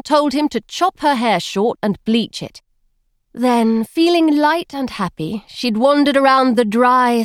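A woman's voice: fairly high pitch, no room sound. Woman narrating an audiobook, dry sound. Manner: expressive storytelling.

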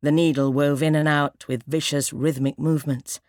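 A woman narrating an audiobook in a measured, dramatic reading. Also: sits low, little pitch movement, darkish tone, no room sound, clean studio sound.

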